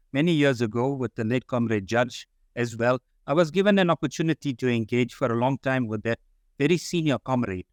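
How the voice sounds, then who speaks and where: A man's voice: mid-range voice, no echo, clean studio sound. A man giving formal closing remarks at a symposium, earnest and solemn, calling everyone comrade over a video call. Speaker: symposium speaker.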